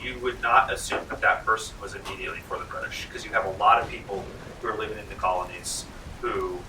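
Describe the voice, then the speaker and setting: A man's voice: on the low side, fairly even intonation, fast, bright, forceful tone, a little hiss or hum. A man from North Carolina running a tabletop game as game master, chatting loosely with many fillers. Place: library room. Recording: roomy library room, mic far off.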